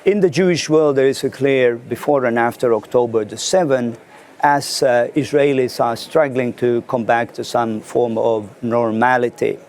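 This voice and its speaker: A man hosting a formal studio interview, speaking in a measured way with halting fillers. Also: medium pitch, fairly even intonation, darkish tone, a little hiss or hum. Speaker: interview host.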